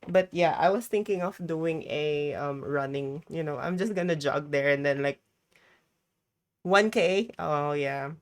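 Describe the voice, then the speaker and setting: A woman streaming live and chatting casually with her viewers. She rambles from one thought to the next and breaks into exclamations. Her voice sits low and she takes her time. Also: a little slow.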